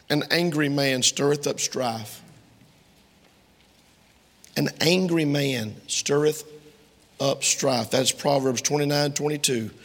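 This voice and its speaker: A man's voice: a little high, fairly bright tone, in a large hall. A man preaching a sermon to a congregation, quoting King James scripture emphatically and speaking to his listeners directly.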